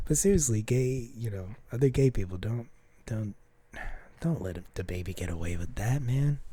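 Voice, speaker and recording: A man's voice: on the low side, moderate pace, dark tone. A man hosting a solo podcast, giving casual, opinionated commentary with a ranting manner, frequent restarts and some swearing. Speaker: podcast host.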